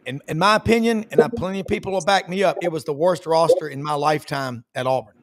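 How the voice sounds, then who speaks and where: A man hosting a sports panel, briskly steering the talk from guest to guest. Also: a little high. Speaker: show host.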